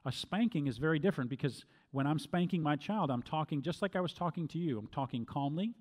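A middle-aged man answering questions as a pastor, speaking calmly and measuredly, with frequent restarts. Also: a little high, fast. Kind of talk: Q&A teaching talk.

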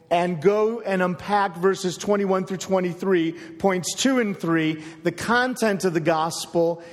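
A male pastor preaching a sermon, emphatic and deliberate, slowing down to stress key phrases. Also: high voice. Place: church sanctuary. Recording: long hall reverb.

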